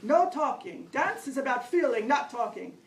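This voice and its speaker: A woman's voice: sits high, big pitch swings, moderate pace, vocal fry, a little hiss or hum, pitched above the performer's own voice, exaggerated voice. A woman barking as a strict male tango instructor. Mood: barking orders. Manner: barking orders. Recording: roomy, distant live-event recording.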